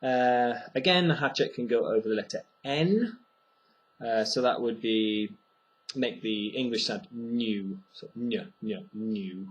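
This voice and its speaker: A man teaching a pronunciation lesson, speaking slowly and clearly and repeating each sound for the learner. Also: medium pitch, highs cut off. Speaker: language teacher.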